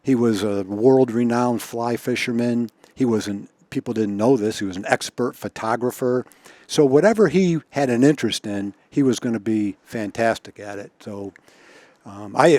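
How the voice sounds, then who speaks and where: A man's voice: medium pitch, a little mellow, no room sound. A man telling baseball anecdotes in a casual chat, chuckling often and repeating words as he goes. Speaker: guest storyteller.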